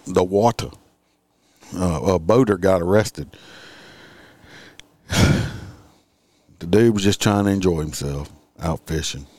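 A man's voice: sits low, a little mellow, dry recording. A man hosting a casual livestream, reading out crime stories and chatting with his viewers in a sarcastic, profane, rambling way.

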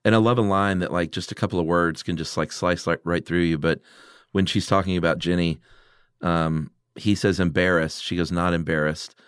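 A man with a low, smooth, resonant voice talks films in relaxed podcast chat. He quotes his favorite lines eagerly and swears casually. The sound is close and dry. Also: normal speed, no echo. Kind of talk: casual film discussion.

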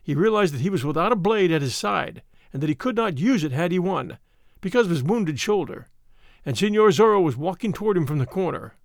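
A man narrating an adventure story aloud with expressive storytelling. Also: high voice, brisk, creaky, dry recording, clean studio sound. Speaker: audiobook narrator. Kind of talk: scripted narration.

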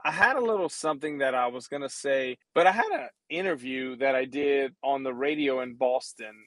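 A man's voice: mid-range voice, a little fast, fairly bright tone, dry recording, poor audio. A man in his forties co-hosting a casual chat, telling stories, laughing easily and often restarting with stammers. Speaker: podcast co-host, former football player.

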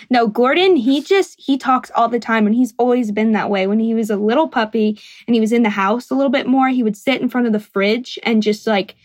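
A woman's voice: on the high side, a little fast, a little mellow, dry recording. Young Southern woman, friendly and chatty. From North Georgia. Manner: friendly, laughs easily. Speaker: singer guest. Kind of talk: casual interview chat.

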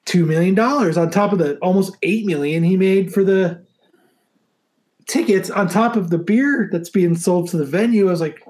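Higher-voiced guy on a podcast, swearing a lot, laughing through his story. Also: moderate pace. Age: adult, married. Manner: animated, swears freely, laughs often. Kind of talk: casual storytelling chat.

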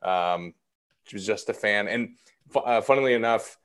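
Guy in his 30s with a lowish voice, laid-back interview chat, lots of ums and likes. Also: normal speed, a bit bright, slight background noise. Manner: chatty and self-deprecating, many fillers. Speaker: actor guest.

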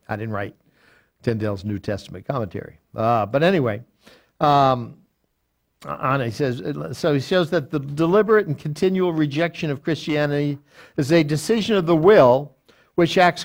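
An older man, a pastor, teaching a Bible study verse by verse, quoting reference books aloud and often restarting with fillers. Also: a little high. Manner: deliberate, quotes lexicons aloud, frequent fillers and restarts.

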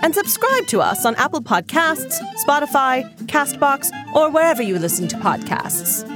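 A woman co-hosting a comedy podcast, announcing its segments in a bright, showy delivery. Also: high voice, sing-song, moderate pace, over music.

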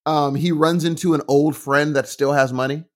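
A man's voice: on the high side, moderate pace. A man co-hosting a podcast in casual chat, enthusiastic and acting out little quotes as he talks. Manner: animated, enthusiastic, acts out quotes. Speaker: podcast co-host.

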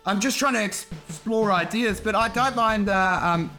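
A man talks in a casual podcast chat, running on with loose, rambling thoughts. He laughs a lot and swears freely as he goes. His voice sits high for a man. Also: normal speed, sharp tone, soft background music. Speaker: comedian and podcast host.

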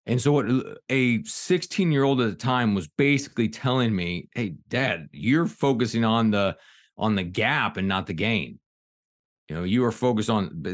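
Middle-aged male podcast guest, low voice, fired-up and earnest, dry close mic. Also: no echo. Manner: energetic, earnest, many restarts. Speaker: executive coach and author, guest. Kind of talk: podcast interview storytelling.

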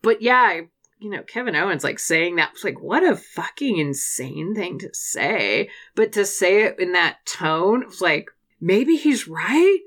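A young adult woman co-hosting a podcast in casual chat, animated and sweary, laughing often. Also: on the low side, measured pace. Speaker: podcast co-host.

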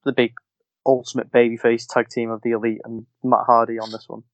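A man's voice: medium pitch, flat delivery, fairly quick, dry recording. A man co-hosting a casual podcast and running a quiz, easygoing and agreeable. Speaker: podcast co-host and quizmaster.

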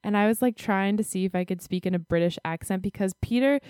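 A woman's voice: medium pitch, fairly quick, few pauses, darkish tone, no echo, clean studio sound. A woman co-hosting a podcast in casual chat, talkative and self-mocking. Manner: chatty, self-mocking, giggly. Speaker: podcast co-host.

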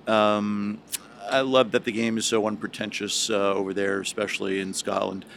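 A man's voice: on the low side, little pitch movement, moderate pace, vocal fry, fairly bright tone, a little hiss or hum. A man, a podcast guest, chatting casually and rambling with many fillers and restarts. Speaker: podcast guest, golf writer. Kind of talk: casual chat.

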